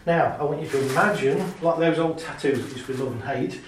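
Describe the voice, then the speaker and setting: A man giving a talk to a live audience, lively and chatty, laughing often and acting out little scenes. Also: fairly high pitch, a little fast, distant mic, a little hiss or hum. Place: large hall with an audience. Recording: very echoey hall, speaker off mic.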